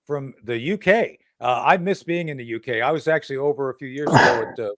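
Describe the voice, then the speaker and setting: A man with a New Jersey accent hosting a casual talk show, rambling and halting with many fillers. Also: mid-range voice, a bit bright. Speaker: show host. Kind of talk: casual chat.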